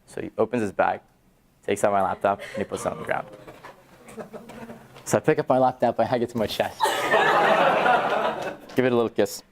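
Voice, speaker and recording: A man's voice: lowish voice, very animated, normal speed, long pauses, noisy background. A young man giving a talk to an audience, telling a story with laughter and acting out the dialogue.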